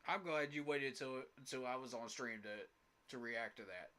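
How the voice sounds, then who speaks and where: A man's voice: mid-range voice, a little slow, bright, forceful tone. A young man, ranting in exasperation about his football team while live-streaming a sports reaction. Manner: exasperated, emphatic, repetitive ranting. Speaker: fan streamer.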